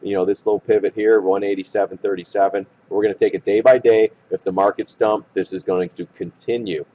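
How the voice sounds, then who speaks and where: A man walking through stock charts in blunt trader slang, hoarse and losing his voice. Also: lowish voice, mellow, a little hiss or hum. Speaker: stock market commentator. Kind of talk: chart analysis talk. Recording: dull lo-fi recording.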